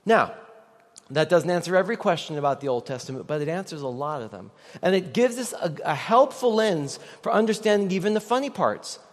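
High-voiced pastor in a hall. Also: male voice, lively intonation, fairly quick. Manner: conversational, joking with the congregation. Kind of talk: sermon. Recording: long reverb of a large hall.

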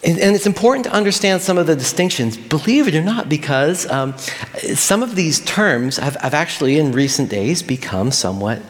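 Man, pastor mid-sermon, lively and repetitive, talks straight to the room; slightly higher voice, echoing church hall. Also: moderate pace. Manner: animated, repeats key phrases, engages the audience directly.

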